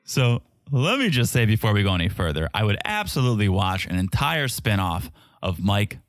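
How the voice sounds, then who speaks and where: A man's voice: lowish voice, big pitch swings, normal speed, no echo, clean studio sound. A man co-hosting a podcast, recapping a reality show in casual, chatty talk and laughing often. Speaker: podcast co-host.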